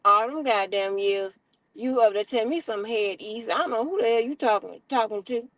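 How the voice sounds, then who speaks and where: A middle-aged woman, telling a story as an animated, profane, exasperated rant on her stream. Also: a little high, normal speed, dry recording, rough recording.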